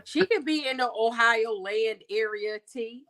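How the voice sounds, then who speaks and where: A woman's voice: on the high side, measured pace, a crowd in the background. Chatty woman telling a story. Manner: chatty storyteller with folksy phrasing. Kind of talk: casual chat.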